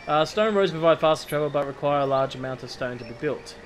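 A man's voice: a little high, fast. An Australian man rambling through a game tutorial in casual commentary, reading the on-screen text aloud and swearing now and then. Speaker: gameplay commentator. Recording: music playing under the voice.

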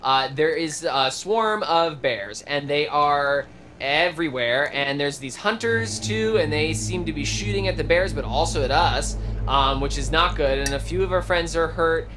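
A rambling young camp counselor. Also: male voice, on the high side, expressive, measured pace, music in the background. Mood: flustered. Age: young adult. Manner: rambling, hesitant, full of fillers. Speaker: video game character.

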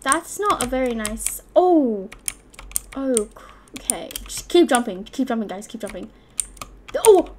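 Excitable young woman gaming commentary. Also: on the high side, a little slow, slight background noise. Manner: excitable, loud exclamations, talks to herself. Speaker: gaming channel host. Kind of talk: live gameplay commentary.

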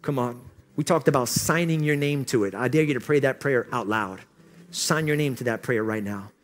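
A man's voice: mid-range voice, normal speed. Man preaching with fervent, rising delivery. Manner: swings from joking asides to loud impassioned exhortation. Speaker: pastor. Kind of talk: sermon. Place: conference hall.

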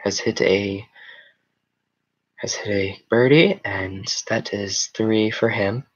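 A young man putting on a hushed golf announcer voice, low and halting, on a dull lo-fi recording. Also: breathy edge.

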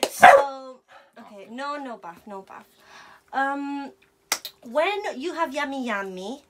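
A woman's voice: high voice, lively intonation, takes it slowly, noisy background. Playful young woman talking to her dog. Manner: playful baby talk to a dog, frequent laughter. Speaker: vlogger showing her dog. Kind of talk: casual chat with her pet.

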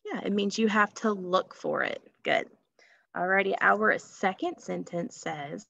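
Woman, phonics teacher, patient, gravelly, dry close sound. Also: medium pitch, a bit bright, no room sound. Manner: slow, patient, drawing out sounds and asking questions. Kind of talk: phonics lesson for children. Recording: dull lo-fi recording.

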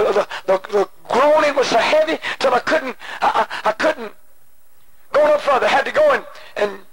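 A male preacher delivering an impassioned sermon, moving between shouted pleading and hushed personal storytelling. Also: extremely high pitch. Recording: noisy old cassette tape.

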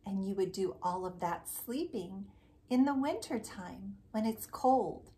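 A woman teaching a circle time lesson to young children, talking in a slow, exaggerated, sing-song way. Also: mid-range voice, animated, dark tone. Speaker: preschool teacher.

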